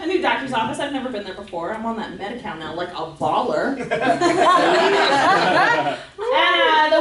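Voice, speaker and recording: A young woman performs a stand-up set on a club stage, her pitch high and swinging widely as she tells her stories. She talks in a loose, self-deprecating way. The live recording is echoey and picked up from a distance, with audience noise underneath. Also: fairly bright tone. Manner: conversational, self-deprecating, laughing through punchlines. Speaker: stand-up comedian.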